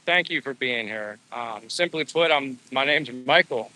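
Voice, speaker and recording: Bright-voiced American man on a walking stream. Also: mid-range voice, animated, measured pace, rough recording. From USA. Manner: friendly, rambling, many fillers. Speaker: vlogger. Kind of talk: casual live-stream chat. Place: outdoors on a walk. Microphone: phone at arm's length.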